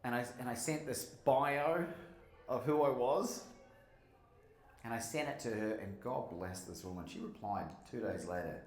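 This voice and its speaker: An Australian man from Melbourne, a motivational speaker and podcast host, gives an animated live keynote and tells stories while asking the audience questions. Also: medium pitch, unhurried. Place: conference hall with a live audience. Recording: roomy hall sound.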